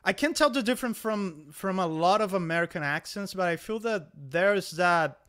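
Guy chatting on a stream, slightly high voice, keeps restarting what he says. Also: expressive, a bit bright, clean tone. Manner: halting, restarts phrases. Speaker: guest co-host. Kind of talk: casual chat.

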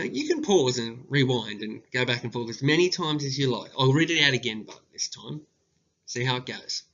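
A man, a primary school teacher giving a slow, deliberate dictation lesson and calling out the punctuation. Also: medium pitch, sharp tone. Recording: dull lo-fi recording.

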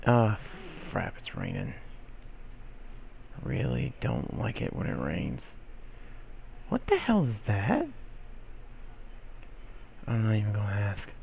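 A man's voice: on the low side, creaky, a little mellow, slight background noise. A young man giving casual commentary over his gameplay, rambling to himself and swinging between mock whining and mumbling. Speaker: gaming video host.

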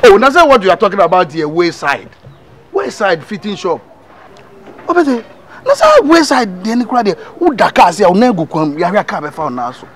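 A man's voice: sits high, big pitch swings, fairly quick, crowd noise. A man voicing an exasperated friend who scolds and mocks a liar, with a Ghanaian accent, in a comic cartoon dub. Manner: scolding, shouting, mocking.

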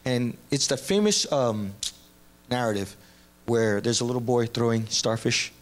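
A man's voice: medium pitch, a little slow. A man, a guest on a talk show, speaking enthusiastically and retelling a parable. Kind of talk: casual talk show discussion.

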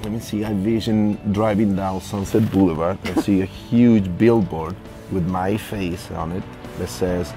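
A man's voice: low-pitched, steady tone. Brief: Italian-accented male actor guest, joking casual chat, music behind. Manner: playful, joking, halting restarts.

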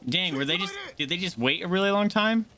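A man streaming a game, chatting casually and shouting and swearing at enemies, with game music behind. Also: high-pitched, a little fast. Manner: excitable, yelling and swearing at enemies. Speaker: gaming streamer. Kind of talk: casual let's-play commentary.

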